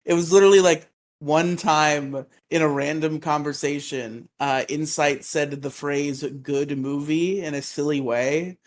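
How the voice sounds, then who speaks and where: A man in casual podcast chat, excitable, laughing often and saying "like" constantly. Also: fairly high pitch, measured pace. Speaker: podcast co-host.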